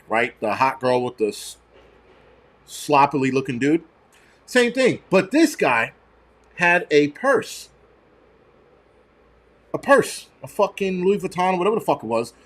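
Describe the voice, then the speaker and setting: A man's voice: fairly high pitch, sing-song, slow. A man, ranting and swearing loosely on a casual livestream. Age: 40s. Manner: profane, ranting, mocking. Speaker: livestream host.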